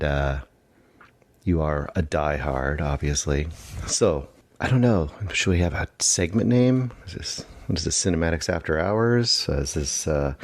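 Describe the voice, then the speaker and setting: Very deep-voiced man musing aloud. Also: a little mellow, dry recording. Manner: rambling, hesitant, wry. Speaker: podcast contributor. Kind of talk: musing monologue, rambling storytelling.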